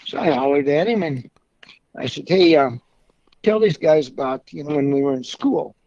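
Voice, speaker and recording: A man's voice: a little high, lively intonation, moderate pace, darkish tone, dry recording. Rambling older man telling car-club stories. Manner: rambling, folksy, with mild swearing. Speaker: car club member, guest. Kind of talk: casual anecdotal storytelling. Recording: dull lo-fi recording.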